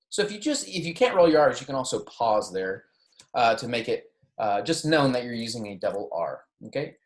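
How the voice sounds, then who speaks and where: Man slowly teaching Spanish pronunciation. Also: on the high side, reverberant. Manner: patient, modeling pronunciation slowly, self-correcting. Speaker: Spanish instructor. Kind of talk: recorded classroom lecture.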